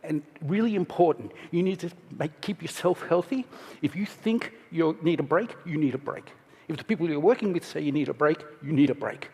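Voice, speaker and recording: A middle-aged man giving a casual, candid conference talk on stage, restarting his sentences and pausing to steady himself. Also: a little high, slightly rough. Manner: casual and candid, self-interrupting, emotional at moments. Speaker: conference speaker. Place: large conference hall. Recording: hall reverb from stage.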